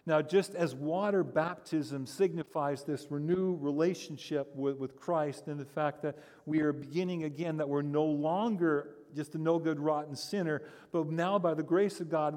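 A male pastor giving a sermon, telling stories with humor and building to animated emphasis. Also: on the high side. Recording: long reverb of a large hall.

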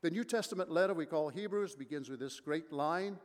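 A man preaching a sermon from the pulpit, his voice sitting a little high for a man. He drives his points home with emphasis and rhetorical questions. A long reverb trails after his words in the big room. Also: fairly quick. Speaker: pastor.

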